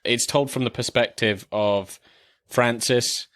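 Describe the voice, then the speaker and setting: A man's voice: medium pitch, steady tone, slow, fairly bright tone, dry recording, studio quality. A man from England co-hosting a casual film podcast, laid-back and sweary, often restarting his sentences. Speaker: podcast co-host.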